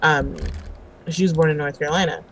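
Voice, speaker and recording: A woman from California chatting casually while playing a video game, excitable and quick to gasp and laugh. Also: low-pitched, slight background noise, low-quality recording. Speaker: co-host of a gaming series. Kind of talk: casual let's-play chat.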